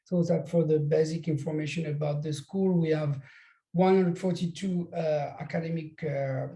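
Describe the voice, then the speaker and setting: A man's voice: a little high, steady tone, warm tone. Male school recruiter, heavy French accent, hesitant delivery, echoey room sound. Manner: halting, many pauses and restarts. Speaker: business school recruitment director. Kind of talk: presenting an online info session.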